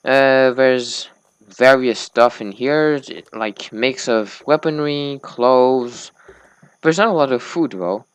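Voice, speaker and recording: A man's voice: mid-range voice, slow pace, clean tone, dry recording. Male let's-play host, sleepy and slurring, rambling chat, dry close sound. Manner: rambling small talk, slurred words. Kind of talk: casual gameplay commentary.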